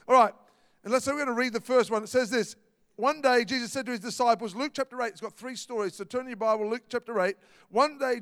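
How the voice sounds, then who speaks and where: A man preaching a sermon, animated and dramatic. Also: extremely high pitch, clear, resonant tone, no room sound, clean studio sound, in a large hall. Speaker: pastor.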